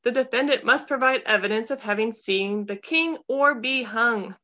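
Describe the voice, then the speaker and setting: A woman's voice: fairly high pitch, moderate pace, vocal fry, fairly bright tone. A woman voicing a scheming male prosecutor who speaks in a stern, accusing way, on a dull lo-fi recording. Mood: angry.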